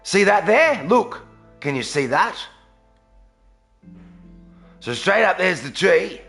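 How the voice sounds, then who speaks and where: A man's voice: high voice, very animated, takes it slowly, fairly bright tone, soft background music. A man live-streaming a game from his home studio, chatting casually and greeting viewers by name.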